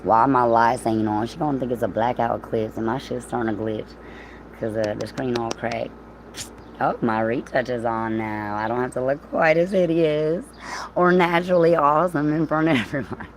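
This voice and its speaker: A woman rambles through a casual livestream, profane and amused. Her voice sits low. A faint hiss runs underneath. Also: a little fast, poor audio. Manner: rambling, profane, laughs often.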